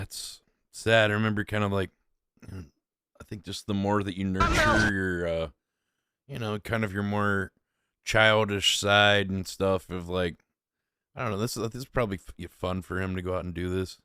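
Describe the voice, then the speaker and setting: A man's voice: fairly low pitch, very animated, a little slow, background noise. A man casually commentating on streamer clips, laid-back and rambling, often poking fun at himself.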